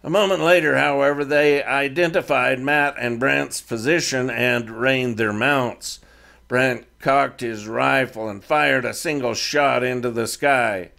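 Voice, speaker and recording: Guy reading his own western story, real slow, gravelly voice. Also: mid-range voice, steady tone, sharp tone. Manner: slow, measured reading of fiction. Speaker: author and narrator. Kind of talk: scripted narration.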